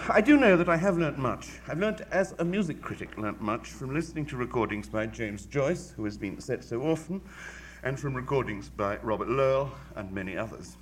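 A man's voice: mid-range voice, lively intonation, background noise. Articulate man giving a lecture. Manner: measured, articulate, with dry wit. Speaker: music critic. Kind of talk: formal lecture.

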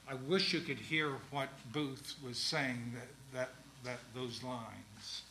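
A man giving a classroom lecture, speaking in a halting, deliberate way with many pauses, ums and restarts. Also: medium pitch, fairly even intonation, vocal fry, bright, forceful tone, echoey room, a little hiss or hum, low-quality recording. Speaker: lecturer on Shakespeare's verse.

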